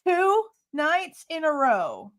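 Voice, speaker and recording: A woman's voice: high-pitched, huge pitch swings, slow. A woman hosting a casual livestream, chatting with viewers and greeting them by name, laughing often. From Ohio. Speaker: livestream host.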